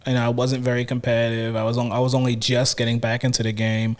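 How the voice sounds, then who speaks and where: A man's voice: mid-range voice, monotone, fast talker. A man co-hosting a casual podcast chat, rambling with many restarts and fillers. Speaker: podcast co-host.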